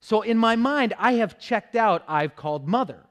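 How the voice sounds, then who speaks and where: Veteran guest speaker, male, fairly high voice, lively storyteller who laughs at himself. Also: moderate pace. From Minnesota. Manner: animated, self-deprecating, laughs while telling. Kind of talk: humorous storytelling talk.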